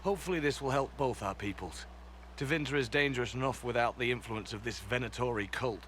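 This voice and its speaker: A man voicing a calm, disciplined soldier. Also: mid-range voice, a little hiss or hum, lightly acted. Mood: measured. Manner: measured, matter-of-fact briefing. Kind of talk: video game dialogue.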